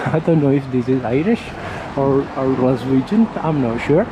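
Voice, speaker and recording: A man's voice: medium pitch, lively intonation, measured pace, hardly any pauses. A man walking and filming a vlog, rambling in a friendly, chatty way as he points things out. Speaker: vlogger. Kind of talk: casual walking commentary. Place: outdoors on residential streets. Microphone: handheld camera while walking. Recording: street noise with passing traffic.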